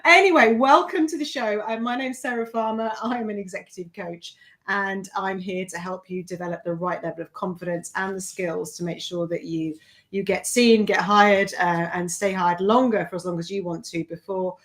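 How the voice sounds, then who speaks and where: A woman's voice: mid-range voice, a bit bright. A woman, an executive coach hosting a live online show, chatting casually with fillers and self-deprecating asides. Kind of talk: casual live-stream chat.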